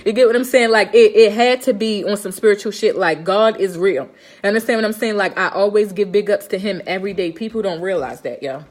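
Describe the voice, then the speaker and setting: A woman's voice: medium pitch, brisk. A woman, giving a blunt, profane motivational talk on a live stream and often asking if her listeners understand. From Baltimore, Maryland. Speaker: live streamer and home health nurse.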